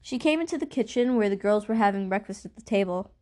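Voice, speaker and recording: A woman reads a first-person novel aloud as an audiobook. Her delivery is even and measured. Her voice sits in a middling range for a woman. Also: mid-range voice. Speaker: audiobook narrator.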